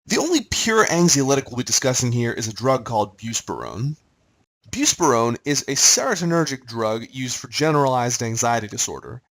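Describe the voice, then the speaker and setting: Lively male pharmacology lecturer. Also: mid-range voice, rough recording. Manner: lively, conversational, quizzes the listener.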